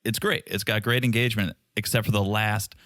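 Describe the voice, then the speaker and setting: A man's voice: on the low side, brisk, no echo, studio quality. A man co-hosting a casual podcast chat, teasing his co-host and telling stories. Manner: teasing, animated storyteller.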